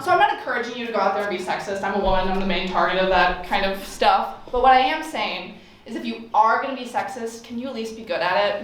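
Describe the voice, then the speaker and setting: A woman's voice: mid-range voice, noisy background. A young woman doing a stand-up comedy set, telling stories in a sarcastic, playful way. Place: campus forum room with audience. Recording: echoey room from far off. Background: audience laughter.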